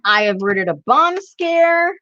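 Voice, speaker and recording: A woman's voice: sits high, sing-song, takes it slowly, sharp tone, no room sound. Chatty woman telling stories with laughs. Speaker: craft vlogger. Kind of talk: casual chat while crafting. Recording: dull lo-fi sound.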